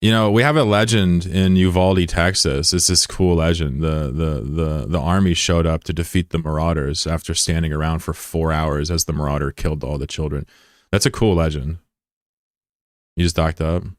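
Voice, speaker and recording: Low-pitched American guy streaming, cracking crude jokes while answering chat, dry close mic. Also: steady tone, normal speed, no room sound. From United States. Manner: joking, profane, rambling asides. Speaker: live streamer. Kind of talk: casual chat, reading out viewer comments.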